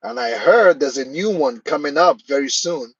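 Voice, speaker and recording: Man, live-stream host, casual chat, fairly high voice, dry close sound. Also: expressive, normal speed, fairly bright tone, husky, no room sound, dull audio. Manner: chatty, answers viewers' comments by name.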